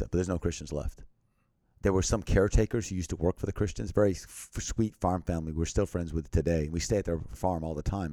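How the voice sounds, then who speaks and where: Deep-voiced earnest man telling a story. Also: no room sound, clean studio sound. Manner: earnest, emphatic, often drops to a quiet, grave tone. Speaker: interview guest. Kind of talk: personal storytelling in an interview.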